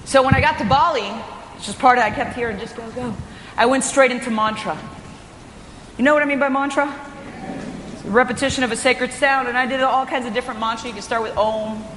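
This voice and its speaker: A woman giving an energetic, inspirational conference talk as a motivational speaker, often raising her voice for emphasis. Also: high-pitched, fast talker, slight background noise. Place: hotel conference hall. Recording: echoey hall recording.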